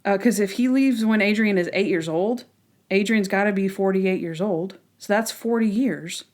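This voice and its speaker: A woman co-hosting a podcast, chatting casually and retelling scenes in an animated way. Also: medium pitch, moderate pace. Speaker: podcast co-host. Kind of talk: casual chat.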